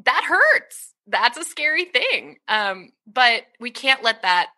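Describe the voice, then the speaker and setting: A woman in her thirties, talking candidly as an interview guest, lively and laughing often, with lots of "like" and "right?". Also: on the high side, takes it slowly. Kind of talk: conversational interview talk.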